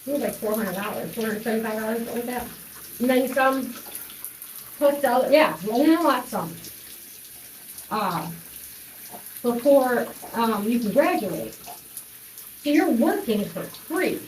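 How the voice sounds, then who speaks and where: A woman's voice: fairly high pitch, darkish tone, far from the mic, slight background noise. A young woman telling a personal story in a rambling way, with many fillers and restarts. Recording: echoey room, voice off-mic, faint running water.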